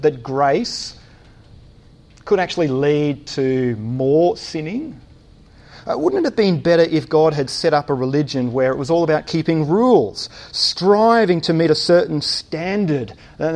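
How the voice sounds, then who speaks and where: A man's voice: on the high side, darkish tone. A man preaching a sermon in a church, thinking aloud with many uh's and restarts and posing rhetorical questions.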